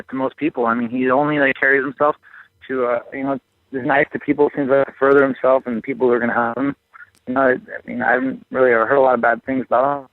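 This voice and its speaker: A man's voice: mid-range voice, no room sound. A young man on a media conference call, hesitant and full of fillers. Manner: hesitant, many fillers and restarts. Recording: dry tinny phone line.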